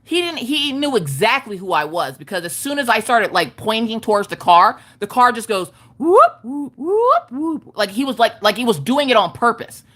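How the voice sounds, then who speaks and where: A woman in her thirties with a twang spins a story for her livestream chat. Her pitch swings up and down all the time, and she talks in a loud, emphatic way, often cursing. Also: brisk, few pauses. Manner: animated, profane, emphatic storytelling. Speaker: craft livestream host.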